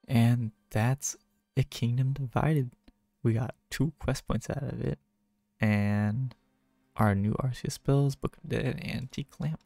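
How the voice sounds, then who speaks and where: A man chatting casually through his own gameplay, self-mocking and quick to get excited. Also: mid-range voice, creaky, no room sound. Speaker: gaming video creator. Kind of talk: casual game commentary.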